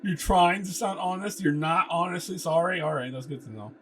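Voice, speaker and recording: A man's voice: high-pitched, a little fast. A man casually reading a novel aloud, breaking off for sarcastic asides about the writing. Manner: sarcastic asides, mocking the text. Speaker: reader. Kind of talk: casual book reading with commentary. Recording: distant mic with background noise.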